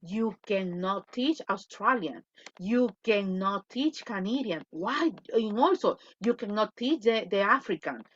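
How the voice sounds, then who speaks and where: Teaching an online English class, a lively woman who grew up speaking Spanish talks a little slowly in a mid-range voice. She alternates English and Spanish, goes over points again, and keeps asking "okay?" over dull lo-fi audio.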